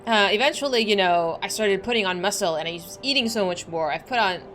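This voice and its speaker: A woman's voice: mid-range voice, fast, a bit bright, slight background noise. A young woman streamer chatting casually and rambling as she plays, full of likes and restarts. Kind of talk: casual chat while livestreaming a game.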